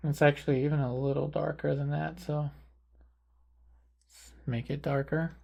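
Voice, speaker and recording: A man calmly talking through a portrait painting tutorial, thinking aloud as he paints. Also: a little high, creaky. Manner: calm, unhurried, thinking aloud while painting. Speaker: painting instructor. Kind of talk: relaxed painting tutorial narration.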